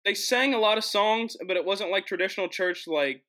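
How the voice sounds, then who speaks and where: A young man from the United States tells a travel story in a loose, jokey monologue. His voice is bright and forceful, and he often restarts his sentences before pushing on with energy. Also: high-pitched, a little fast, few pauses. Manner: animated, jokey, frequent restarts. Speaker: host.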